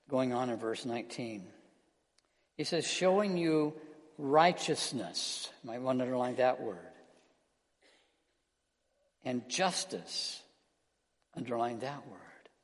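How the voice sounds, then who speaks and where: A man preaching an earnest sermon as pastor, slowing down and softening his voice on key words. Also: medium pitch. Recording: long hall reverb.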